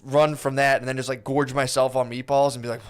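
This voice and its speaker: A man's voice: medium pitch, little pitch movement, a little fast, smooth. A man co-hosting a comedy podcast, telling rambling stories in casual banter, full of fillers and restarts. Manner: rambling storytelling with many filler likes and dudes. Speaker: podcast co-host.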